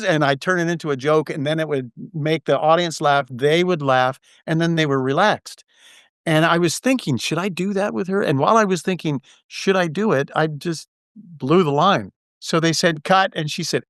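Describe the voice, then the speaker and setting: Relaxed older man telling stories. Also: a little high, moderate pace, no echo, studio quality. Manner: relaxed anecdotal storyteller, acts out quoted lines. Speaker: guest actor. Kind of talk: casual storytelling interview.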